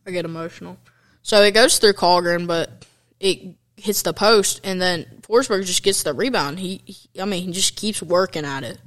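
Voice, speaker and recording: A young man giving casual, excitable commentary over hockey highlights, chatty and fan-like, with fillers and slang. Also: moderate pace.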